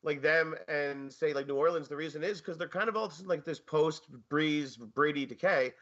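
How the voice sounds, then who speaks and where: A man's voice: fairly high pitch, normal speed, a bit bright, highs cut off. A man co-hosting a sports podcast, rambling with restarts and offbeat comparisons. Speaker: podcast co-host. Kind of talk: casual sports betting chat.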